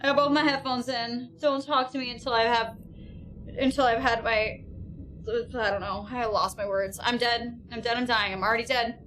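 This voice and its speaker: A woman streaming a game live, chatting casually, giggling often and gushing excitedly while rambling to herself. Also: fairly high pitch, normal speed, a little hiss or hum.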